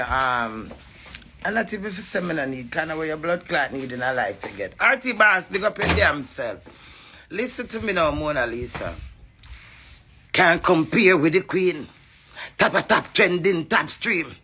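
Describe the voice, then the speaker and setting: A woman with a Jamaican accent ranting at a rival to camera, brash, profane and mocking, breaking into sudden loud cries. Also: fairly low pitch, slight background noise. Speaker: entertainer addressing a rival. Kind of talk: rambling taunting rant to camera.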